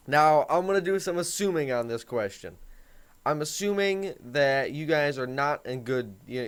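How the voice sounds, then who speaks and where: A man's voice: medium pitch, clean tone. A teenage boy hosting a comedic advice monologue, talking in a joking, mock-authoritative way. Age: teens. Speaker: host.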